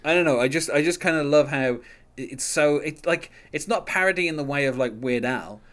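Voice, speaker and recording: A man's voice: on the high side, a little fast, fairly bright tone. A man hosting a casual music podcast, rambling with many fillers and restarts and laughing often. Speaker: podcast host.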